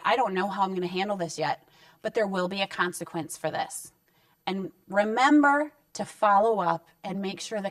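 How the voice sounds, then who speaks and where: This medium-pitched woman acts as a parenting counselor, walking viewers through discipline tips on camera in a relaxed, reassuring, conversational style, including short role-played exchanges between parent and child. Sitting back from the mic, she comes across as slightly distant, in a room with almost no echo.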